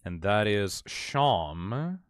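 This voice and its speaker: A man's voice: on the low side, sing-song, very slow, no echo, clean studio sound. A man streaming a game live, reading the dialogue aloud and reacting with emotional exclamations and swearing.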